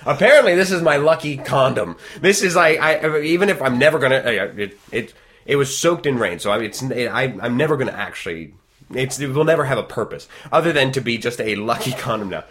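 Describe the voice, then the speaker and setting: An ordinary mid-range male voice, neither high nor low. He tells his story in loose, animated casual chat, piling up clauses and restarting sentences. He acts out what others said along the way. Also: a little fast, a little hiss or hum. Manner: animated, rambling, frequent restarts, acts out quoted dialogue.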